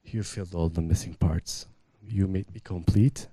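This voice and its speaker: A man, the groom, reading his wedding vows in an earnest, measured way. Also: deep voice, warm tone, slightly rough, dry recording. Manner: earnest, measured vow delivery.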